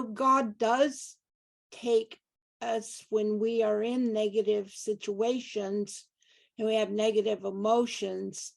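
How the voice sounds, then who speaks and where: A woman's voice: medium pitch, gravelly. A woman in an online Q&A over a video call, telling a personal story in an enthusiastic, devout way and acting out what people said. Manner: enthusiastic, devout, acts out quoted dialogue. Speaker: audience member.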